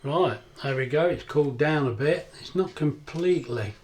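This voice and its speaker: A man's voice: on the high side, moderate pace, a little mellow. Chatty older man in kitchen. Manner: chatty, rambling anecdotes, laughs often. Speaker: cooking vlogger. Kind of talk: casual kitchen vlog chat.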